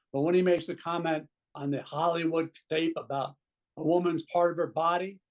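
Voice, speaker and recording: Earnest older man, high voice. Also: low-quality recording. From United States. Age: 70s. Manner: earnest, indignant, with halting restarts. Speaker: political pundit guest. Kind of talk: impassioned opinion commentary.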